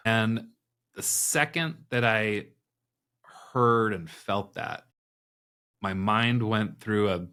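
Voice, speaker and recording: A man's voice: lowish voice, extremely slow, pauses often, smooth. A man, a podcast guest, candidly retelling a personal experience, acting out the thoughts and voices in it. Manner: candid, animated retelling with quoted inner dialogue. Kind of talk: personal storytelling in an interview.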